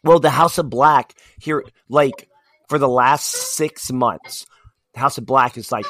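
A man co-hosting a podcast, talking in a casual, animated way with many fillers and restarts. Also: mid-range voice, unhurried, no room sound. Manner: animated, rambling wrestling fan talk with fillers. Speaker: podcast co-host. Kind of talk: casual chat.

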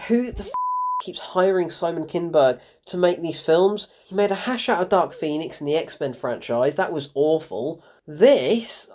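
Woman reviewer, low-ish voice, exasperated ranting with laughs. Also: lively intonation, a little slow, darkish tone. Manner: exasperated, swearing, laughing in disbelief. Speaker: film reviewer.

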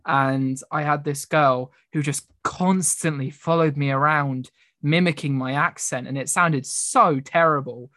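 Low-voiced young woman chatting. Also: steady tone, unhurried, fairly bright tone, no room sound, clean studio sound. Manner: rambling, giggly storytelling. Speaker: podcast host. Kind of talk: casual chat.

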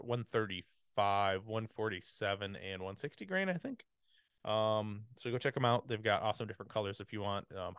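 Low-voiced casual podcast host. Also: male voice, a bit bright, smooth, no echo, studio quality. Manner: rambling, upbeat, filler-heavy. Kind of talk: casual sponsor read.

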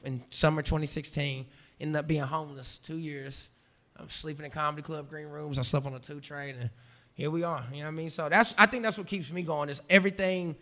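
American man, thirties, stand-up comic; quick, bright, swears freely, goes loud then hushed. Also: a little high. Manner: animated, profane, swings from loud to quiet. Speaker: stand-up comedian. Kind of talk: casual storytelling in an interview.

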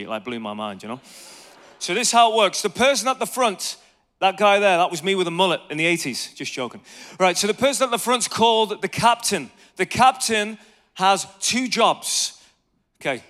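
A man leading an evangelism seminar, energetic and jokey, swinging between loud emphasis and quiet asides. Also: high voice. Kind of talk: lively seminar preaching to a live audience.

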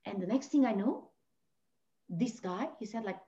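A woman's voice: medium pitch, lively intonation, normal speed. Passionate woman telling her story. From Lebanon. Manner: passionate, swinging from hushed to near-shouting. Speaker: podcast guest, life coach. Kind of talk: emotional personal storytelling. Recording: dull lo-fi audio.

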